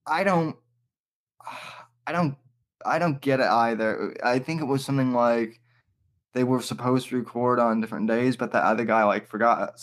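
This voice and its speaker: A man hosting a podcast interview who talks hesitantly and repeats his words. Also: medium pitch. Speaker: podcast host. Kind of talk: casual interview.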